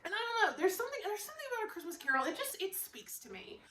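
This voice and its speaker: A woman book vlogger chatting casually, rambling into animated stories and laughing often. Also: very high voice, racing, reverberant, slight background noise, rough recording. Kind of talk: casual chat.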